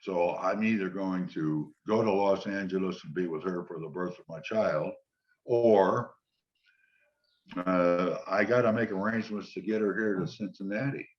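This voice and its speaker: An older man, a former football player, relaxed as he tells long anecdotes in an interview and quotes the people in them. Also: low voice, moderate pace. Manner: relaxed anecdotal storytelling, quoting others. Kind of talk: storytelling interview. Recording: dull lo-fi sound.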